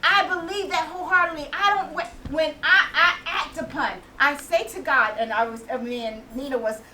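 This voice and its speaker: A woman in her late forties sharing an animated, laughing testimony at a women's conference. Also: sits high, normal speed. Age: 40s. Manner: animated storytelling, laughing and exclaiming. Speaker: inspirational speaker. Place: conference venue with a small audience. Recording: distant mic with faint audience and room noise.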